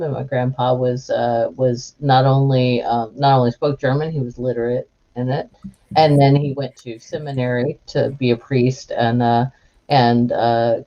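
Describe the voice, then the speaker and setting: A woman's voice: rumbling low, warm tone. Woman host on muffled lo-fi audio. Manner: rambling, many restarts and fillers. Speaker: podcast host. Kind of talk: casual chat.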